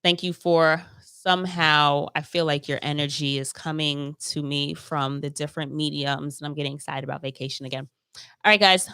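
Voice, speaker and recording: A woman's voice: low-pitched, steady tone, normal speed, sharp tone, clear, resonant tone, dry recording, clean studio sound. A woman hosting her own travel podcast, chatting casually and loosely, trailing off and picking back up. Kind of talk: casual solo podcast chat. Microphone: close mic, streamed live.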